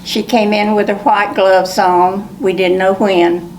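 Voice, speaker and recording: Slow-speaking older woman veteran. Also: medium pitch, flat delivery, a little hiss or hum, low-quality recording. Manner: slow, clipped recollection. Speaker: military veteran. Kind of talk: recorded oral history interview.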